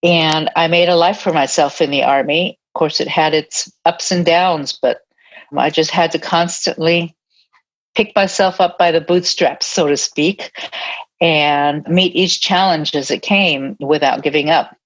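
An older woman, a retired army nurse, telling her life story in an interview in an earnest, reflective way with soft laughs now and then. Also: deep voice, fairly even intonation, unhurried. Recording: dull lo-fi sound.

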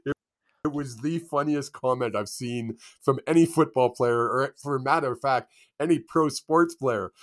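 A man's voice: medium pitch, normal speed. A man co-hosting a casual sports podcast, laughing often as he tells stories. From Canada. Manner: laughs often, lively storytelling. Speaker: podcast co-host.

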